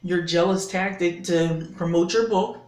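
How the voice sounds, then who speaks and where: A woman's voice: lowish voice, fairly even intonation, unhurried, a little mellow. A woman vlogger giving an indignant, emphatic opinion rant to camera, swearing and repeating herself for effect. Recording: echoey room.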